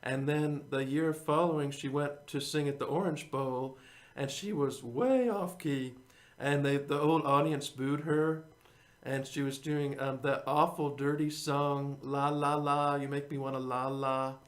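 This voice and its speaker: A man's voice: a little high, a little slow. A man, a singer-songwriter hosting his own show, rambling in casual chat to viewers and chuckling often.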